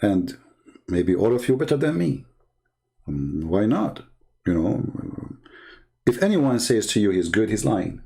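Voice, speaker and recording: A man's voice: very animated, unhurried, vocal fry, long pauses, dark tone. A man speaking as a Christian public speaker in an interview, earnest and emphatic, in non-native English phrasing. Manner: acts out quoted people with big pitch jumps. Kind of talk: interview talk.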